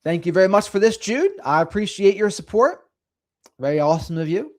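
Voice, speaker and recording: A man's voice: high-pitched, fairly quick. A middle-aged man hosting a casual livestream, chatting with viewers in a sing-songy way. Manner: sing-songy, lively delivery. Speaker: livestream host. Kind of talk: casual livestream chat reading comments.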